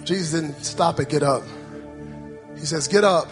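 A man preaching a sermon in a church, calling out to the congregation and rising into shouted, sing-song cadences. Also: on the high side, moderate pace. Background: soft music.

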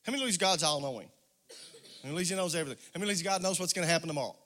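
High, bright-voiced preacher. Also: male voice, rapid-fire. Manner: preaching with rising, sing-song intensity; calls on congregation members by name. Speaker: pastor. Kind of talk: call-and-response sermon.

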